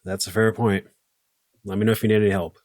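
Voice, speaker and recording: Calm man with a lowish, dry voice. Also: quick pace, dry recording. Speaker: player. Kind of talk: casual in-character chat.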